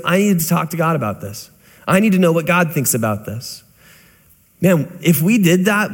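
A young man preaching a sermon as a pastor, telling stories with lively acted-out voices and sound effects. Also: high-pitched, long reverb tail. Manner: animated storyteller, acts out voices and sounds.

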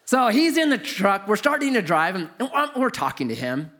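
A middle-aged man telling a personal story in a lively, exaggerated way, swinging into loud disbelief. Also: sits high, moderate pace.

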